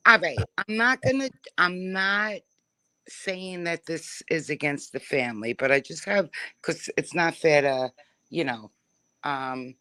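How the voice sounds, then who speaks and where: This is a female caller with a bright, forceful tone who speaks slowly. She works through her question in a rambling, emphatic, animated way. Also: low voice. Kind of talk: phone-in question to a live show.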